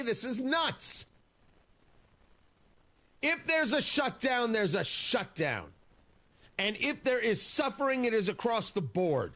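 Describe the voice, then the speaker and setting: A man with a high, bright voice hosts talk radio from a studio mic. His pitch swings widely as he argues, sarcastic and emphatic, pressing each point with indignation. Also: very animated, slow pace, long pauses. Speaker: radio talk show host. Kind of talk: opinionated talk radio monologue. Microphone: studio microphone.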